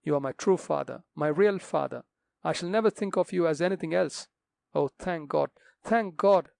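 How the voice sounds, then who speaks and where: A man's voice: fairly high pitch, fairly quick, gravelly, a little mellow, no room sound. A man voicing a distraught young woman, an heiress, who pleads and argues in agitation. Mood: tearful.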